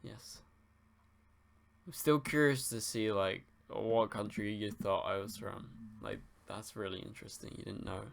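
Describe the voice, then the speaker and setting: A man's voice: lowish voice, fairly even intonation, a little slow, vocal fry, slight background noise. A young man from England, hosting a livestream and answering viewers' questions in a laid-back, rambling way, swearing casually. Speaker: livestream host.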